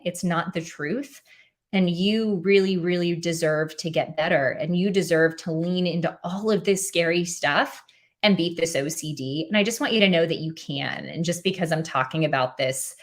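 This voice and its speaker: A woman's voice: lowish voice, fairly bright tone. A woman hosting a live video Q&A, speaking earnestly and encouragingly to viewers, with frequent ums and restarts. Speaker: OCD advocate hosting a live Q&A. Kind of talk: live stream Q&A talk.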